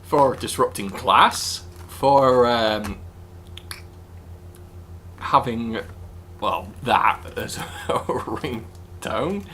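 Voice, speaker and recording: A man's voice: mid-range voice, animated, drawn-out words, pauses often, fairly bright tone, slight background noise. A young man telling a personal story casually, in a rambling, hesitant way full of fillers. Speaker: vlogger.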